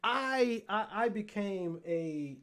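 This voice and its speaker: A man with a notably high speaking voice hosts a comedy talk show. He tells stories with playful exaggeration, doubling back on words as he builds to a punchline. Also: slow pace. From Decatur. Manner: animated storyteller, playful exaggeration; repeats words while building up. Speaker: podcast host. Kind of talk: comedic commentary.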